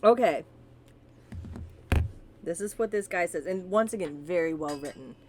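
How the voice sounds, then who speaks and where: A woman co-hosting a podcast, telling wild stories in a casual, animated way, swearing freely and sometimes reading aloud. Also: lowish voice, unhurried, music in the background. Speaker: podcast co-host. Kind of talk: casual storytelling chat with profanity.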